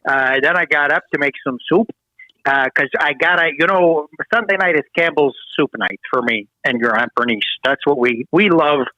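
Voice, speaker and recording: A man's voice: on the high side, normal speed, sharp tone, dry recording, rough recording. A man playing an elderly, old-fashioned uncle who calls into a show and rambles in a folksy, easily confused way. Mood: rambling folksy. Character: fussy old-school elderly uncle calling in. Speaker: caller.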